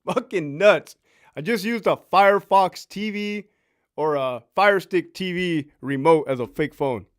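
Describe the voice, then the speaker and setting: This high-pitched, smooth male voice runs a little slow. It belongs to a former prison officer in his fifties who laughs his way through foul-mouthed anecdotes on a relaxed live stream, telling them with real animation.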